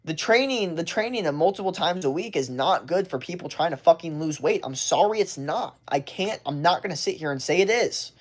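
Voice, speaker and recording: A man hosting a casual livestream, ranting bluntly with plenty of swearing and restarts, and acting out what other people say in a higher voice. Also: animated, a little fast, hardly any pauses. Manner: blunt and profane, rambling with restarts. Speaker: livestream host.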